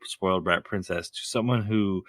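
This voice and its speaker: A man with a slightly low voice co-hosts a casual podcast, recapping scenes with lively storytelling and frequent chuckles. The sound is dry and close, with no room around it. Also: normal speed, dry recording. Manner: animated storytelling, laughs often while retelling scenes. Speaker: podcast co-host. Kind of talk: casual chat recapping an anime episode.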